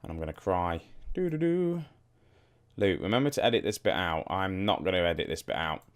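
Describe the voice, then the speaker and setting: A young man with a very deep voice talks his viewers through a football management game. He rambles and thinks aloud in an easy, chatty way, asking them questions as he clicks through menus. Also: quick pace. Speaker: gaming YouTuber. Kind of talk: casual let's-play commentary.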